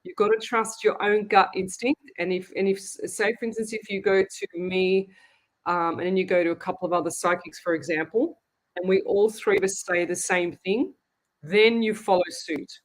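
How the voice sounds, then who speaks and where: A woman's voice: mid-range voice, fairly even intonation, moderate pace. An Australian woman with a mid-range voice hosts a live psychic show in a loose, chatty way. She talks straight to her viewers and calls them "guys." Her delivery is frank and conversational. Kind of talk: casual live-stream chat.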